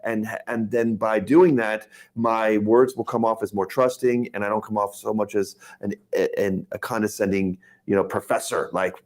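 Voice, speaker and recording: A man in casual conversation about sales, talking fast and animatedly, often acting out quick impressions of others. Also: fairly low pitch, steady tone. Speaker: Medicare sales agent. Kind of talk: casual chat.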